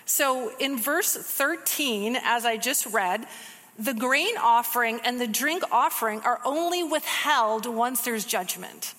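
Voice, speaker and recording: Woman preaching, casual sermon, bright voice, long reverb. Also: a little high. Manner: conversational, animated, quick asides. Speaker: Bible teacher.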